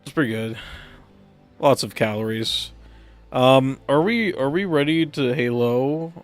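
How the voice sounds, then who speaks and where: A man's voice: mid-range voice, a little slow, faint music behind. A man hosting a gaming livestream, goofy and rambling, a little out of breath as he greets his viewers over and over. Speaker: streamer hosting a game livestream. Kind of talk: casual stream chat.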